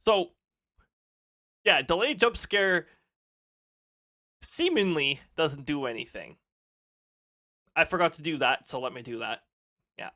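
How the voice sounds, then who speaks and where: A man's voice: fairly high pitch, animated, slow, long pauses, pushed and bright. A man chatting casually on a live stream, laughing often and reading off weather details.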